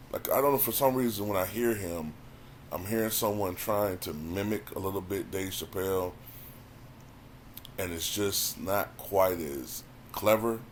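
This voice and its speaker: A man with a low, deep voice talks through a casual review like he's chatting with viewers. He is conversational and often repeats words while he gathers his thoughts. A faint background hiss sits under the recording. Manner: conversational, repeats words when thinking, frequent "you know what I'm saying". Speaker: YouTube commentator reviewing a stand-up special.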